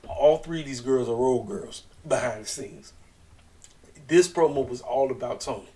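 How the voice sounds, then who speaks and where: Recorded from a distant mic, this mid-range, mellow male voice moves at normal speed through a wrestling show recap. His take is casual, slangy and chatty, and he reenacts what people said in their voices.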